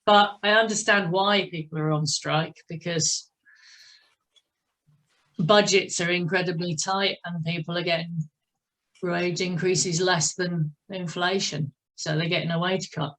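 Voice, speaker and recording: A woman's voice: fairly low pitch, steady tone, unhurried, a bit bright, poor audio. Chatty woman coaching a cycling class. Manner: chatty, giving time counts between casual stories. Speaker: cycling instructor. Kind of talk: coaching an online exercise class. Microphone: video call.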